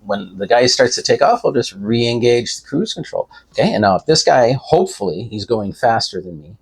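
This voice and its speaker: A man's voice: medium pitch, sing-song, normal speed, gravelly, breathy edge. An older man talking in a folksy, rambling way, giving preachy advice from inside a car. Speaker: vlogger. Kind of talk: casual rambling talk to camera.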